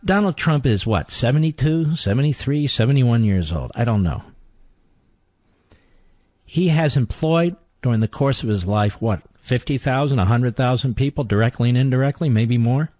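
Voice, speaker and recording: A man's voice: mid-range voice, expressive, moderate pace, no room sound, clean studio sound. Combative talk radio host, ranting man. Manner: insulting, ranting, climbs to near-shouting when angry. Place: radio studio. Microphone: studio microphone.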